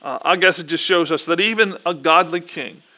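A man's voice: on the high side, normal speed, sharp tone. A man reading Bible verses aloud and then preaching in an earnest, conversational way, often restarting his sentences. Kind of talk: Bible reading and informal sermon.

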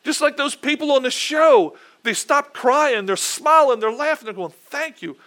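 Earnest, high-voiced man preaching. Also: lively intonation, normal speed, sharp tone. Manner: earnest, repeats and restarts words, asks the listeners questions. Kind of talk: conversational sermon.

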